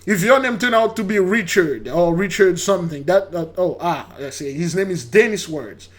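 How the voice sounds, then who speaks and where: A man's voice: high voice, animated, moderate pace. Rambling, stammering older man. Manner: rambling, stammering, repeats words, laughs at himself. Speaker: channel host. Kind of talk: casual commentary on a news clip.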